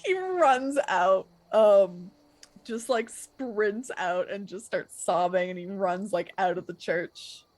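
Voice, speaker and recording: A woman's voice: mid-range voice, a little mellow. Casual young woman game master. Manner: casual, full of fillers and quick asides. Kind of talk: narrating a tabletop game.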